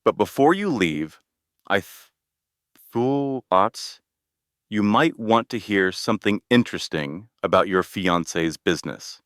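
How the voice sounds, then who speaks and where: A man voicing a composed, confident young woman who speaks in a cool, steady way. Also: on the low side, takes it slowly, no echo, clean studio sound.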